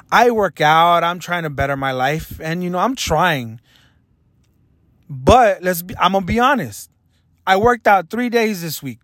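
A man's voice: on the high side, a bit bright, dry recording. Earnest young man confessing on a vlog. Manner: earnest, self-critical, reflective. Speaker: vlogger.

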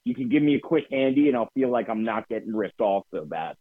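Jersey-accented podcast co-host, profane ranting storyteller, tinny dry phone-like sound. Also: male voice, on the low side, lively intonation, fast talker, no room sound. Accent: New Jersey. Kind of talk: casual chat.

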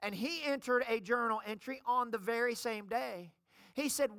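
Bright-voiced woman pastor preaching. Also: a little high, normal speed, no room sound, studio quality. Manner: preaching, calls for amens from the congregation. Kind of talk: sermon.

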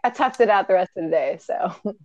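A woman's voice: mid-range voice, animated, fairly quick, no room sound, dull audio. A young adult woman co-hosting a podcast in casual chat, talking candidly, swearing freely and laughing often. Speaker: podcast co-host.

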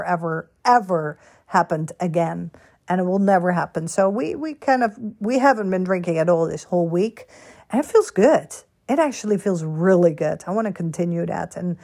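A woman's voice: mid-range voice, darkish tone. A woman hosting a casual solo podcast from her bedroom at home, talking in a candid, rambling way with lots of fillers. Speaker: podcast host.

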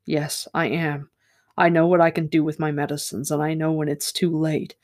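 Guy reading a tired stern healer lady, quiet flat firm voice. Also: a little high, normal speed, natural voice. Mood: quiet resolve. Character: weary stern village healer woman.

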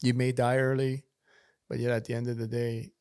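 A man's voice: medium pitch, flat delivery, fairly quick, darkish tone, clean tone, no room sound, studio quality. A man in a casual podcast chat, talking earnestly and repeating his key points like a preacher.

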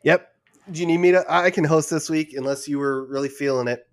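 A man's voice: on the high side, a little fast. A young man hosting a casual gaming podcast, nervous and laughing often at himself. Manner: nervous, laughing, self-deprecating. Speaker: podcast host.

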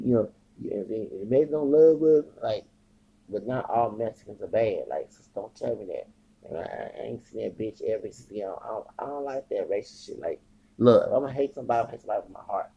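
A man with a gravelly, husky voice rants through an agitated, profanity-laced podcast monologue. He circles back and repeats himself as he goes. The recording sounds dull and lo-fi. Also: on the low side, warm tone. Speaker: podcast host. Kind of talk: rambling casual monologue.

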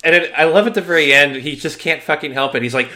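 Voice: mid-range voice, quick pace, over a noisy crowd. A podcast co-host who chats casually and with enthusiasm, laughing often and swearing.

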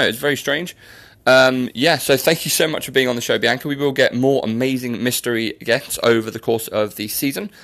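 Young man, show host, playful teasing banter, average pitch. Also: fairly bright tone. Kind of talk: casual chat.

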